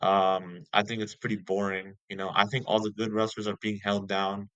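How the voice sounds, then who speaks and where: A young man ranting casually as a vlogger, repeating himself and filling every pause with "like" and "you know". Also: fairly low pitch, flat delivery, fairly bright tone, dry recording, muffled recording. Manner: ranting, heavy filler words, repeats himself. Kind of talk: casual rant.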